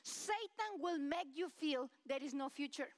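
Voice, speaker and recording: Woman preacher, very high voice, passionate sermon delivery, second-language English. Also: expressive, a little slow. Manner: impassioned, swings from loud to soft.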